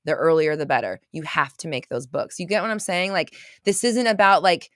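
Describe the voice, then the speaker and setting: A woman's voice: lowish voice, moderate pace, hardly any pauses, no room sound, clean studio sound. Emphatic woman hosting a motivational livestream. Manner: emphatic, gushing, repeats herself, swears; reads viewer comments aloud. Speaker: livestream host. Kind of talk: casual motivational livestream chat.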